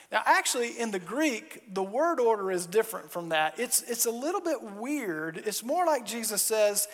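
A man with a very high voice delivers a sermon with lively, emphatic preaching. He slips into quick mock dialogues before landing on strong declarations. His voice rings with long reverb, as in a large hall. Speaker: pastor.

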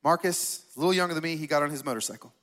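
Pastor guy telling a story in his sermon, fairly high voice, keeps asking the crowd stuff. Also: rapid-fire. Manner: animated, conversational, asks the crowd questions.

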